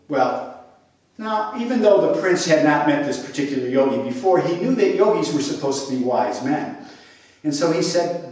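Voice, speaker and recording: A man telling a children's story with playful, expressive narration and sound effects. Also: a little high, normal speed. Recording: echoey room, mic at a distance.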